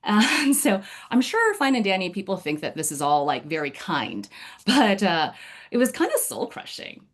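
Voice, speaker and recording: A woman's voice: medium pitch, huge pitch swings, moderate pace. A woman giving a personal storytelling speech to her speaking club over a video call, chatty and full of fillers, often laughing.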